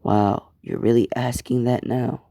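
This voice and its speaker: A man voicing a cold, menacing teenage boy with dark powers, who speaks low, quietly and with scorn. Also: level tone, unhurried, gravelly, dry recording, studio quality. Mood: scornful.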